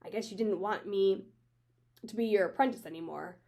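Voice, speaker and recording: A woman's voice: mid-range voice, a little fast, creaky, dark tone, natural voice. A woman voicing an eager, earnest young boy apprentice in a read-aloud of a children's book.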